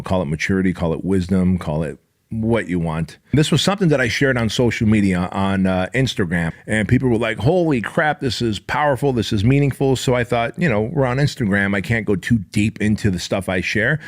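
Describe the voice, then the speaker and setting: A man with a fairly low voice delivers a motivational podcast monologue. He talks bluntly, swears freely and drives each point home in punchy, repeated lists. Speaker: podcast host.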